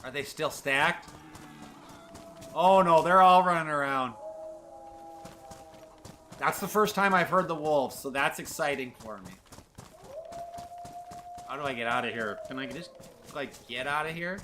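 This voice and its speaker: Man, game streamer, casual rambling commentary, unhurried, very bright and tense tone, slightly high voice. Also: soft background music. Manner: rambling, playful, talks to chat while playing.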